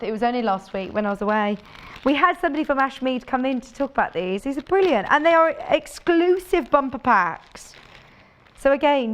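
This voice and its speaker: A woman demonstrates sewing tools on a live shopping channel from a TV studio. She talks in a chatty, enthusiastic way and thinks aloud as she works. Her voice sits a little high. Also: a little hiss or hum. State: out of breath.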